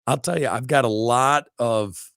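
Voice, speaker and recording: A man's voice: medium pitch, measured pace, vocal fry, fairly bright tone, no room sound, studio quality. A middle-aged man co-hosting a casual talk show, rambling and preachy, acting out little quotes as he goes. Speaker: podcast co-host. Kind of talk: casual motivational chat.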